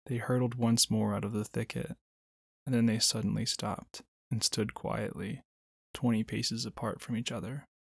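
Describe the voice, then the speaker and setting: A man narrating a children's storybook at a steady, measured pace. His low voice is gravelly and husky, and the recording is dry and close with no room sound. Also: dry recording. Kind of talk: storybook reading.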